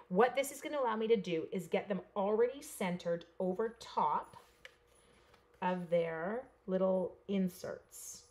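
A Canadian woman talks playfully and directly to viewers during a live demo, walking them through a paper craft project step by step. Her mid-range voice is a little slow and somewhat dark in tone, and her manner stays chatty throughout.

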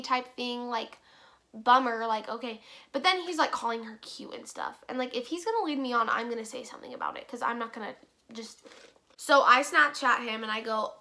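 A woman's voice: fairly high pitch, normal speed, bright, forceful tone. A teenage girl telling a story to her camera, chatty and full of fillers, acting out what others said. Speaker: vlogger. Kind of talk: casual storytime.

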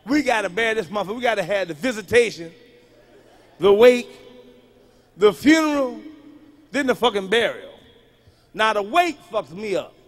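High-pitched man doing loud stand-up. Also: expressive, moderate pace, pauses often. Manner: loud, profane, punchy delivery that jumps between muttering and yelling. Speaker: stand-up comedian. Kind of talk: live stand-up storytelling.

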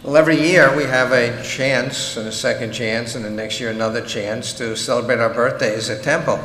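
A man's voice: mid-range voice, steady tone, moderate pace, a bit bright, a little hiss or hum. A man leading part of a service, inviting the congregation forward in a friendly way. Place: large sanctuary with a congregation. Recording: echoey hall with a crowd.

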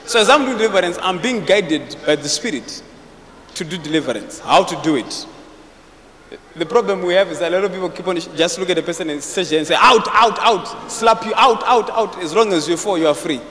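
A man preaching a deliverance sermon, forceful and repetitive, breaking into shouts. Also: high-pitched, quick pace. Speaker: prophet preaching. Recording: echoey hall with faint noise.

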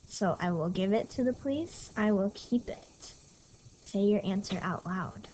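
A woman's voice: medium pitch, animated, unhurried, mellow. A woman teaching French to her class in a casual, chatty recorded lesson, with small apologetic asides, on scratchy audio from a tablet mic at home. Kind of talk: recorded lesson over slides.

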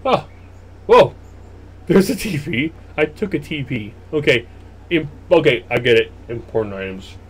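Man, young adult, horror game commentary, animated, jokey, lively pitch. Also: measured pace, slightly rough. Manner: animated, joking, rambling asides. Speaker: let's play host.

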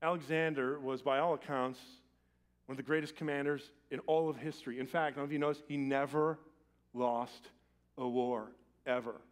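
A man preaching a sermon as pastor in a church, swinging from loud urgent appeals to quiet, intimate lines. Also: medium pitch, fairly even intonation, moderate pace. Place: church sanctuary.

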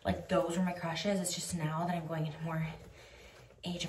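A woman's voice: on the low side, little pitch movement, normal speed, a little mellow. Breathless, giggly woman vlogger, chatty, whispers asides; roomy, distant, noisy sound. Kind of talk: casual vlog chat. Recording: echoey room, distant mic, noisy.

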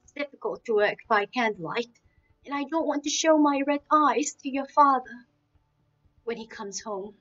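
A woman voicing a weary, sad mother of a poor family in a storybook, in a soft, hushed, earnest way. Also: high-pitched, expressive, moderate pace, voice pushed up. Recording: dull lo-fi, new-age music behind.

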